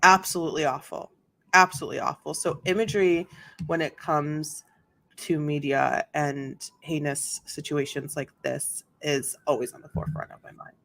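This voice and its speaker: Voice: mid-range voice, fairly even intonation, a little slow, gravelly. A host giving casual commentary on a court trial, chatty and full of fillers and asides, reading testimony aloud.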